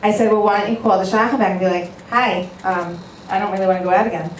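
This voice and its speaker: A woman's voice: mid-range voice, fast talker. Woman matchmaker, earnest speech, acts out dialogue, roomy echo, mic a bit distant, faint noise. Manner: earnest, animated storytelling, acting out both sides of phone calls. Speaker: matchmaker giving a talk. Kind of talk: speech to an audience. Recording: echoey room, voice a bit far from the mic, faint background noise.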